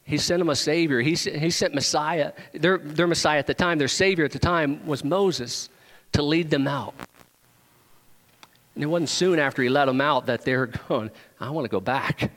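A man preaching a sermon in a church, emphatic, rising to loud proclamations and dropping to hushed asides. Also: a little high, normal speed. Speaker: pastor. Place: church sanctuary. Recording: long hall reverb.

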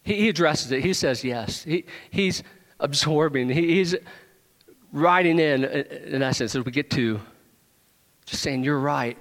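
A man preaching a sermon in a church, emphatic, rising to loud proclamations and dropping to hushed asides. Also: on the high side, a little slow. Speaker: pastor. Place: church sanctuary. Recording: long hall reverb.

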